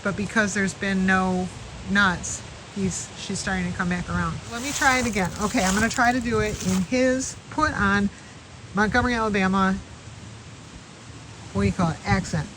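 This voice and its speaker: A woman's voice: medium pitch, normal speed. A woman chatting casually in a backyard vlog, rambling as she calls out to the chipmunks and squirrels by name. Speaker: wildlife vlogger. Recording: outdoor recording with clear background noise.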